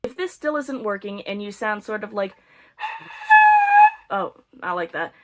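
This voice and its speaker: A woman's voice: medium pitch, lively intonation, measured pace, a bit bright. A young woman teaching beginner flute, explaining step by step with playful, self-mocking jokes. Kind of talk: casual instructional video.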